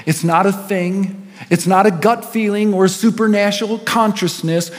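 In a church auditorium with long hall reverb, a senior pastor preaches a sermon built on storytelling, his intensity rising and falling. His voice is high-pitched and steady in tone, delivered at normal speed.

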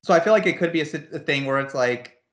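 A slightly high-voiced man co-hosts a casual gaming chat. He rants in an animated, exasperated way, and his pitch jumps up as he gets worked up. He fills the gaps with "like" over and over. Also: quick pace. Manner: animated, exasperated ranting, lots of "like". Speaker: podcast co-host.

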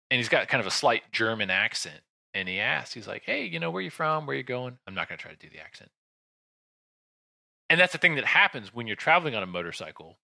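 A low-pitched man in his thirties with a very bright, forceful tone spins a casual, rambling story. He restarts sentences, sighs and drifts into asides. The sound is dry and close. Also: no echo. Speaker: podcast host telling a travel story. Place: home room with a shelf behind him.

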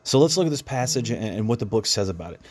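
A man's voice: lowish voice, big pitch swings, quick pace. A man hosting a devotional podcast, speaking in an earnest, reflective way with frequent restarts. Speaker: podcast host.

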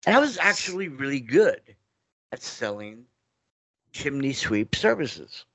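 A man's voice: medium pitch, very animated, unhurried, a bit bright, no echo. A middle-aged man, a guest telling stories in a loose, rambling way, often restarting his sentences. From New York. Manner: rambling, restarts often, acts out quoted dialogue. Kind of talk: casual interview storytelling.

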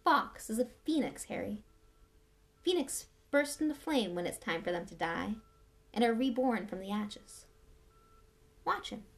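A woman reading aloud and voicing an old, wise wizard headmaster who talks gently and calmly. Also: mid-range voice, creaky. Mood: amused. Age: older. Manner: gentle, unhurried, lecturing.

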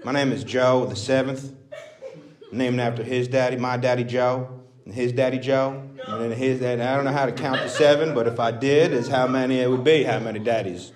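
A man's voice: medium pitch, steady tone, normal speed, crowd noise, natural voice. A male comedian voicing a crude, rambling Texas redneck character on stage. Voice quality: crude, drawling, self-mocking patter. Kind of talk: stand-up character bit.

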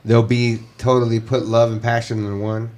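A man's voice: mid-range voice, normal speed. Laid-back man talking easy. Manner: relaxed, filler-heavy, earnest. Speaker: podcast guest. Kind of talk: casual chat.

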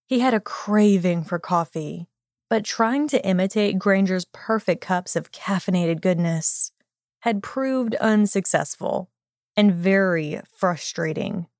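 A woman reads a fan fiction story aloud in a calm, steady storytelling voice. Her pitch is middling for a woman. The sound is dry, with no room echo. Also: takes it slowly. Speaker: narrator. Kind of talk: audiobook reading of fan fiction.

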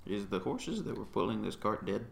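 A man's voice: fairly low pitch, very animated, moderate pace, creaky. A man playing in a tabletop game, asking hesitant questions about the scene. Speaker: player.

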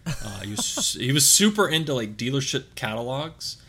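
A man's voice: medium pitch, sing-song, moderate pace, pushed and bright, husky. A young man on a podcast, chatting casually and telling a rambling story full of fillers and restarts. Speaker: podcast co-host.

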